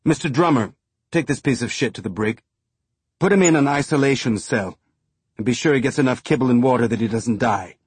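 A man voicing a hardened male rebel leader who speaks softly and gives clipped commands, in an audiobook. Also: mid-range voice, brisk, breathy edge, no room sound, natural voice. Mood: commanding. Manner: soft, controlled, clipped commands. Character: older male revolutionary leader, calm but menacing.

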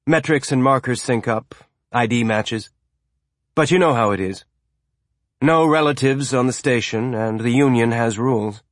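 A man voicing a gruff, defensive station security officer who speaks curtly and officially in a storybook reading. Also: medium pitch, normal speed, no echo, studio quality, close to an everyday voice. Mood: matter-of-fact.

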